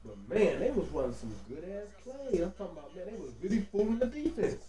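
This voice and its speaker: A man giving loose, slangy, excitable commentary over a basketball video game, peppering his talk with casual fillers. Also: high voice, fast, roomy sound, crowd noise. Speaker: gaming commentator.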